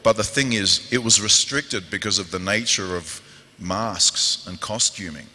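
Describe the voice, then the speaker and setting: Male, New Zealand accent, fairly low and punchy, animated panel storyteller, reverberant convention hall. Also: a little slow. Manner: lively anecdotes with quoted voices and growls.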